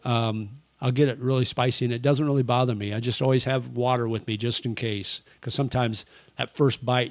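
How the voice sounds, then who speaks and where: A man's voice: medium pitch, dry recording. An older man hosting a casual livestream, rambling easily and answering chat questions. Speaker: livestream host. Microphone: webcam with face tracking.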